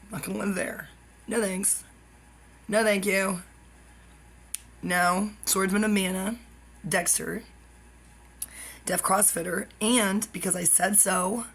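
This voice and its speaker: Rambling woman with a gravelly voice. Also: mid-range voice, a bit bright, low-quality recording. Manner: stream-of-consciousness, jumps between topics, drops into whispered asides. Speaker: YouTuber. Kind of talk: rambling monologue.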